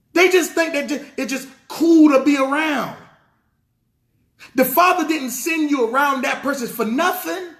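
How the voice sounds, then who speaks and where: A man's voice: very high voice, a bit bright. A man preaching a sermon as pastor, emphatic and repetitive, hammering lines again and again. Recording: roomy echo.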